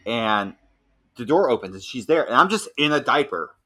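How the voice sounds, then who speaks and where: A young man in casual podcast chat, telling a rambling, animated story full of fillers. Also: medium pitch, moderate pace, slightly rough. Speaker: podcast co-host.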